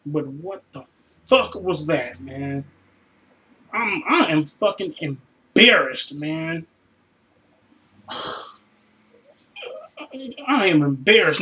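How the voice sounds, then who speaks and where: A fed-up man rants in his room, his voice sitting high and bright. He sighs heavily, drops into weary mutters, then bursts into profane shouts. It is a raw, unscripted fan vlog. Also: lively intonation, very slow, pauses often, rough recording. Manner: profane, exasperated, sighing, swings between mutters and shouts. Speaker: vlogger reacting to a football loss. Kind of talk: angry fan rant.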